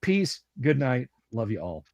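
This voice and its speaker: A man running a tabletop game as game master on a livestream, talking in a relaxed, rambling way full of ums and uhs. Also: medium pitch, measured pace, vocal fry, dry recording, muffled recording.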